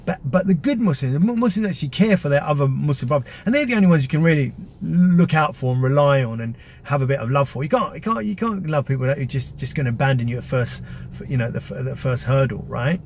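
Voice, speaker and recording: A man's voice: a little high, expressive, fast, a little mellow, a little hiss or hum. A man talking casually and emphatically, giving advice. He often repeats words and checks in with "yeah?" and "right?". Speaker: activist giving media advice. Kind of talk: casual instructional talk.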